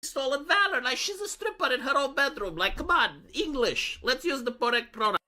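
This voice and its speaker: A man's voice: very high voice, sing-song, brisk, sharp tone. A man giving casual, profane opinion commentary in a clip, rambling with fillers. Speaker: commentator in a played video.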